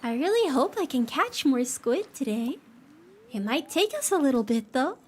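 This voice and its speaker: A woman's voice: high-pitched, big pitch swings, moderate pace, a little hiss or hum. A woman putting on an exaggerated girly voice to greet her viewers sweetly. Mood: sugary. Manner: sugary, put-on polite voice.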